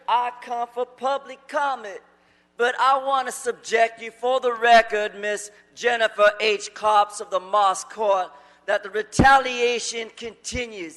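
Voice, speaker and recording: Very high-voiced combative man in a chamber. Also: bright, forceful tone. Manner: aggressive, profane, rambling, quotes legal codes. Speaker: public commenter. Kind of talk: public comment at a council meeting. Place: council chambers. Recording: long hall reverb in a council chamber.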